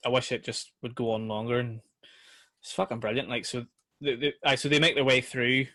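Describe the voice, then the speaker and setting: Northern irish guy chatting films, bright voice, swears loads. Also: mid-range voice, flat delivery, a little fast. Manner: swears a lot, enthusiastic. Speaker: podcast co-host. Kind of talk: casual chat.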